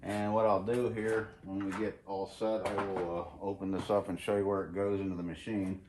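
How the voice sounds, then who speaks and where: A channel host with a low voice, speaking at normal speed, runs a casual DIY vlog from his cold home garage. He's relaxed, talking to himself as he works with tools, and the audio has roomy garage echo and faint noise.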